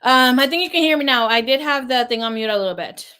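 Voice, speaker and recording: A woman's voice: sits high, quick pace, sharp tone, clear, resonant tone. A woman giving a casual live tarot reading, chatty and rambling with fillers. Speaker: tarot reader.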